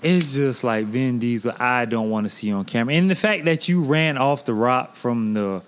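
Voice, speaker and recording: A man co-hosting a podcast, chatting casually with animated, laughing emphasis. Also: medium pitch, normal speed, clear, resonant tone. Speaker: podcast co-host. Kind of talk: casual chat.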